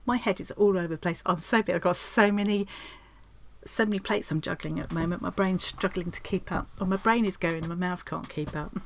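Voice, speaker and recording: A woman's voice: on the low side, fairly even intonation, a little fast, gravelly. A woman chatting at home in a craft vlog, rambling and effusive, often restarting her sentences. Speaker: craft vlogger. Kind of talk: casual chat while opening post.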